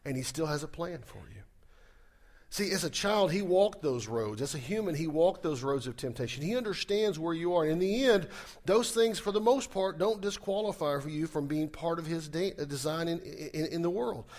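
A man preaching a conversational sermon, with sarcastic asides and swings between loud and soft passages. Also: a little high, lively intonation, normal speed. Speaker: pastor.

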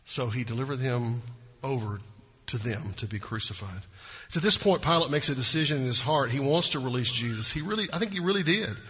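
A man's voice: medium pitch, animated, a little fast, bright, forceful tone, husky. A male pastor preaching a sermon with emphasis and rhetorical questions, recorded in a church sanctuary. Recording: long reverb of a large hall.

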